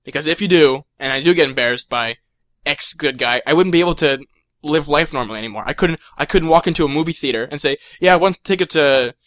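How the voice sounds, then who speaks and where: A man's voice: on the high side, fast, dry recording. Stammering young man on a comic rant. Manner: excitable, stammering, acts out voices. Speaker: comedic storyteller. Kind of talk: rambling comedic rant.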